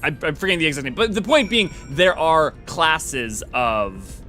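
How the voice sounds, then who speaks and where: Animated, rambling man streaming a game. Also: a little high, normal speed, faint music behind. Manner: animated, rambling, casually profane. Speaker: game streamer and lore host. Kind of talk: casual live game stream chat.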